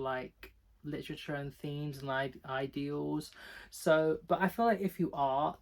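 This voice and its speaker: A man's voice: fairly high pitch, creaky. A man chatting casually through book reviews, rambling and filling his talk with "like". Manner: rambling, peppered with "like"; chatty and giggly. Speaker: book vlogger.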